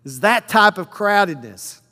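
Guy preaching, reads the verses slow then breaks them down, big echoey hall. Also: high-pitched, expressive, bright, forceful tone. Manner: reads verses slowly, then explains with emphasis. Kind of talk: sermon with scripture reading. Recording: long hall reverb.

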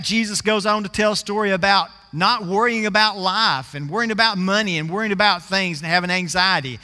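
Bright-voiced preacher in a reverberant hall. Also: male voice, high-pitched. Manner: folksy storytelling, stretches out scripture words for emphasis. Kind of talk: sermon.

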